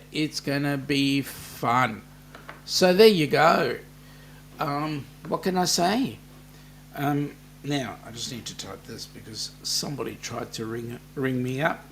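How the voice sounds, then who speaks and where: A rambling, joking Australian man hosts a casual live stream, chatting loosely with his viewers. His voice sits a little above the usual male pitch, and a faint hum runs underneath. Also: gravelly.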